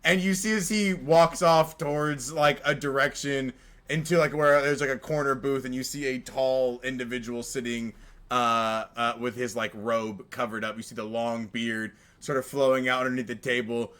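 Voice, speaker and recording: A man's voice: medium pitch, steady tone, normal speed, a bit bright. A man narrating a tabletop game as game master, rambling and full of fillers.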